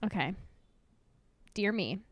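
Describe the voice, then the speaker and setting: A woman's voice: medium pitch, expressive, slow, dry recording. Brief: woman podcast co-host, casual and emotional, tears near the surface, bone-dry close mic. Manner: emotional, tearful, laughing often. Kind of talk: casual podcast chat, reading a letter aloud.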